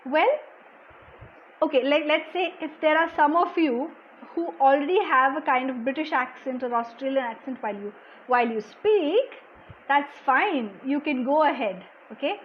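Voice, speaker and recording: A woman from India teaching a live online class, answering viewers' questions in a soft, quiet voice, saying "okay" often. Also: moderate pace, highs cut off, slight background noise. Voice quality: soft-spoken, low volume. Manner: explanatory, reads out viewer comments, frequent "okay". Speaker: language exam coach. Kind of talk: live-streamed lesson answering chat questions.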